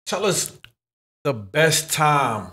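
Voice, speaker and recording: A man's voice: on the high side, big pitch swings, extremely slow, pushed and bright. A man hosting a casual podcast, laid-back, dropping short agreeing replies and easy questions. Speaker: podcast host. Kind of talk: casual chat.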